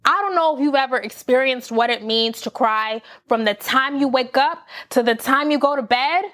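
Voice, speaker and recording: A woman's voice: sits high, normal speed. A young adult woman candidly telling a personal story to camera, acting out her own past lines. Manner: candid, animated, acts out her own quotes. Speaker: vlogger.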